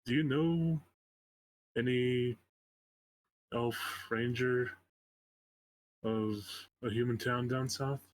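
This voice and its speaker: A man's voice: mid-range voice, steady tone, slow, pauses often, natural voice. A man voicing an ancient talking elm. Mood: gruff.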